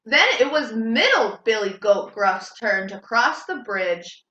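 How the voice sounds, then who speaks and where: A woman hosting a children's storytime, reading a storybook aloud in an expressive, sing-song way. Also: a little high, slow, hardly any pauses, roomy sound, low-quality recording.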